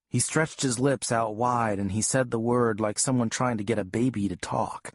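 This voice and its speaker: A man reading a first-person audiobook in a calm, even storytelling voice on a studio mic. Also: medium pitch, normal speed, hardly any pauses, no echo. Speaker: audiobook narrator.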